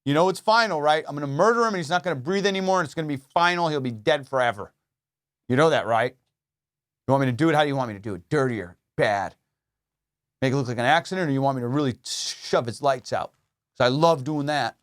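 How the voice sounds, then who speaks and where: A man's voice: mid-range voice, fast talker, a bit bright, smooth, close to an everyday voice. A man playing an undercover cop posing as a hitman who swears hard and pushes bluntly. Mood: menacing. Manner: blunt, profane, pushy.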